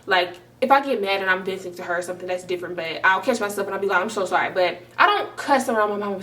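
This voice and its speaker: A woman in her twenties tells a casual storytime to viewers, animated and slangy, swearing often as she talks straight to the camera. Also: mid-range voice, fast, few pauses, recorded from a distance. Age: 20s. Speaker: storytime vlogger.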